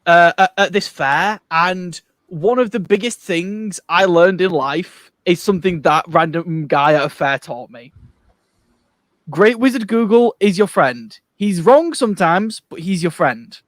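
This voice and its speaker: A man co-hosting a casual podcast chat, speaking in a halting, rambling way with many restarts. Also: high voice, lively intonation, a bit bright, no room sound. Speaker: co-host.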